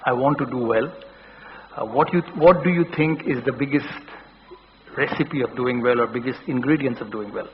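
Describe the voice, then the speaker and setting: A man in his forties with an Indian English accent gives a motivational talk to a hall. His delivery is earnest, full of restarts and repeated words. The sound is dull and lo-fi, with a long reverb and a faint hum behind it. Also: moderate pace. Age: 40s. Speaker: keynote speaker. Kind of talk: motivational speech with anecdotes. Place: large hall. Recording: dull, boomy hall recording.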